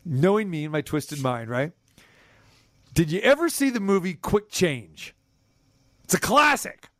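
A middle-aged man hosting a sports radio show, telling a rambling story with animated swings between high and low. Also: measured pace, no room sound, clean studio sound. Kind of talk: casual sports talk chat.

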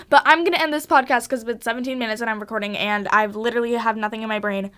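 A young woman with a fairly high voice hosts a casual solo podcast, recorded at home in her basement. She rambles and gushes, bubbly and full of fillers and restarts. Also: fairly even intonation, very fast, fairly bright tone, smooth. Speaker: podcast host.

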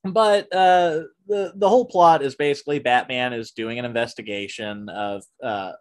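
Chatty man rambling through a movie review. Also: medium pitch. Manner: rambling, frequent fillers and restarts, animated rants. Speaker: podcast host. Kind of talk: casual movie review chat.

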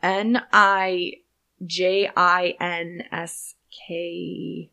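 A woman's voice: lowish voice, little pitch movement, very slow, creaky, bright, forceful tone. A woman podcast host presenting a history segment casually, stumbling over foreign names. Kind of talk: casual chat.

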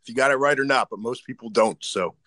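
A man appears as a guest in a casual interview, speaking earnestly and sounding grateful. His voice sits at an ordinary middle pitch. The sound is dry and close. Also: fast talker, sharp tone, dry recording. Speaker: guest, longtime fan.

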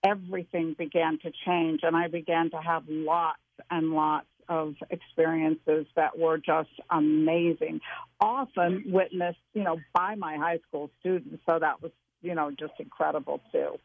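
An expressive woman guest tells a personal story with plenty of feeling. Her voice comes through a tinny, narrow phone line. The sound is close and dry, with no room at all. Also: low-pitched, a little slow, creaky, no echo.

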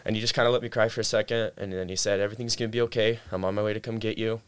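Young male guest, slightly low voice, relaxed storytelling with lots of filler words. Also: rapid-fire, smooth. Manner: laid-back storytelling, heavy on "like" and "dude". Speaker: guest telling his story. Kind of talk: casual chat.

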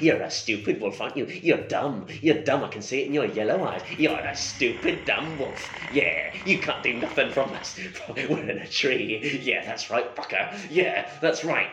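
A man's voice: mid-range voice, expressive, measured pace, fairly bright tone, echoey room, a little hiss or hum. A man voicing a timid, fussy accountant in a tabletop game, stammering and jittery. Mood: taunting. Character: nervous male London accountant, timid and fussy. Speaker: player. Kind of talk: playing a tabletop game in character.

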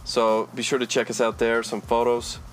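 Relaxed male podcast co-host. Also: medium pitch, moderate pace, soft background music. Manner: relaxed storyteller, signs off the show. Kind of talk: casual chat.

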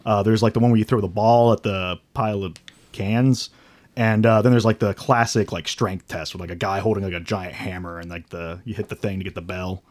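A man's voice: lowish voice, fairly even intonation, brisk, a little mellow. A man narrating a tabletop game as game master, in a casual, loose way with lots of fillers.

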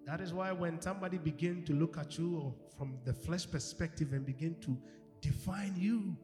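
Animated high-voiced preacher in an echoey hall. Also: male voice, normal speed. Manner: animated, acts out quoted voices, swings from shouting to hushed. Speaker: pastor. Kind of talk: sermon. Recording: echoey hall with music behind.

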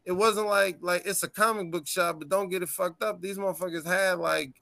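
Man, podcast guest, bright voice, dry sound, laughing storyteller, profane. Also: high-pitched, brisk, gravelly, dry recording. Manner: animated, profane, laughs often while telling stories. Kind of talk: casual storytelling chat.

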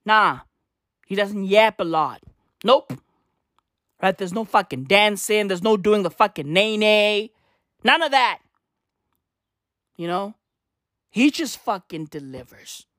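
A man's voice: high-pitched, lively intonation, takes it slowly, pauses often, bright, forceful tone, no room sound, clean studio sound. A man ranting comedically and profanely, full of slang and repeated rhetorical questions. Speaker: vlogger. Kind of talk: comedic rant. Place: in South Africa.

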